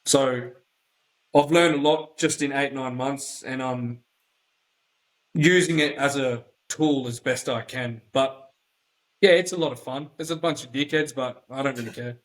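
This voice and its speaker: A man's voice: mid-range voice, unhurried, rough recording. A man with an Australian accent, a podcast guest talking bluntly and rambling, with plenty of swearing, in a casual chat. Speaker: podcast guest, offroad YouTuber.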